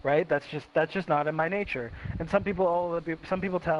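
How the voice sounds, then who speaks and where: Higher-voiced man, dull lo-fi sound. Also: moderate pace, few pauses. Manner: emphatic, repetitive self-reflection. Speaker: host. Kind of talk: casual chat. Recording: dull lo-fi sound with faint hiss.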